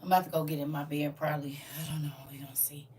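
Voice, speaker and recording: A woman's voice: deep voice, level tone, darkish tone, recorded from a distance, a little hiss or hum. A woman, casually chatting on a livestream from home in a laid-back, playful way. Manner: laid-back, playful, drawn-out teasing calls. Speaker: livestream host. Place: home, indoors.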